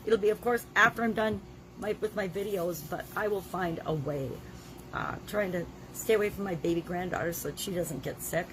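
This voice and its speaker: This woman's voice sits on the low side and moves at a normal speed. She's a vlogger in her sixties recording a daily video journal while fighting a cold, her throat scratchy, her delivery plain and emphatic, with the occasional cough.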